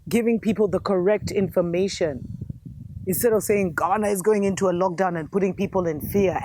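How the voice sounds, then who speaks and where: A woman's voice: medium pitch, mellow, a little hiss or hum. A woman host giving an impassioned spiritual commentary monologue, fervent and preachy, calling her viewers family.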